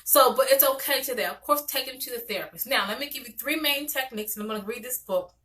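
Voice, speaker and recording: Woman, therapist, bright and forward tone; chatty, animated teaching delivery with plenty of restarts. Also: high-pitched, fast. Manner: animated and conversational, with many restarts. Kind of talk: casual teaching talk to parents.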